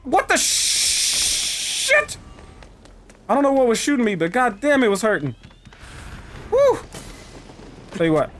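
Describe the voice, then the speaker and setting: A man streaming a game with loud, profane trash talk and sudden shouts. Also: very high-pitched, wildly swooping pitch, unhurried, pauses often, a little hiss or hum. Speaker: gaming streamer. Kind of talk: live gameplay commentary.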